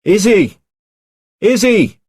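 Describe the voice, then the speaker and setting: A man narrating a storybook gives voice to a practical young lighthouse keeper, calling out loud, blunt and urgent with his pitch pushed up high. The recording is dry and close. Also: unhurried, husky, no echo. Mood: shouting urgently. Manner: shouting urgently, blunt exclamations. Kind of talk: audiobook character voice.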